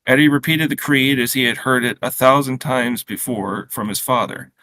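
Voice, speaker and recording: A man reading his own short story aloud in a steady, unhurried way, with small slips and restarts. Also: medium pitch, no room sound.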